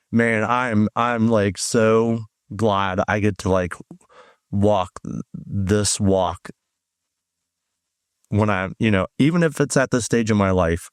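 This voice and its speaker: A man, a guest on a talk, telling his life testimony in a rambling, animated way with lots of fillers. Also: fairly low pitch, clean tone, dry recording, studio quality. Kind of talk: conversational testimony.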